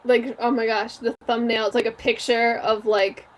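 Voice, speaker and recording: A woman's voice: on the high side, flat delivery, moderate pace. A young woman co-hosting a podcast in casual chat, chatty and giggly, full of filler words. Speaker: podcast co-host.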